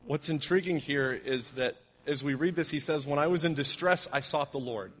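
A middle-aged male pastor preaching a sermon in a conversational way, with fillers, who drops soft and low on the heavy lines. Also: normal speed.

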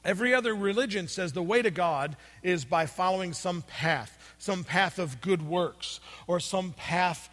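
Bright, high-voiced preacher in a reverberant hall. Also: male voice, a little slow, hardly any pauses. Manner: conversational storytelling, many fillers, swings from loud to hushed. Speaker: pastor. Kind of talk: sermon with personal story.

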